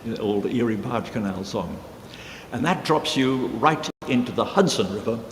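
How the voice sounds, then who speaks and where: A man musician telling a rambling story in a casual way, pausing with fillers. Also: medium pitch, lively intonation, slight background noise. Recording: reverberant hall with guitar music.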